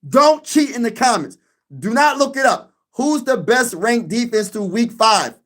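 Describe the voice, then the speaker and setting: A man's voice: extremely high pitch, expressive, measured pace, a bit bright. A man hosting his own sports channel, talking casually to his viewers, repeating himself and laughing at his own jokes. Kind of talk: casual sports vlog chat.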